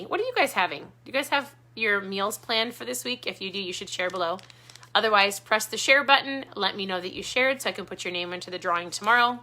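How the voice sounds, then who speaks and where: A woman speaks directly to her viewers in an earnest, motivating way. Her voice is bright and clear, at a middling pitch. She keeps returning to the same encouraging points. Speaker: keto vlogger.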